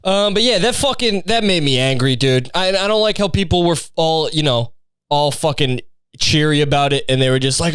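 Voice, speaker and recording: A man's voice: a little high, animated, brisk, a bit bright, clear, resonant tone, no echo, studio quality. A young man hosting a podcast, ranting in a casual, exasperated and mocking way, full of swearing. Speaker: podcast host. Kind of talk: casual comedic rant.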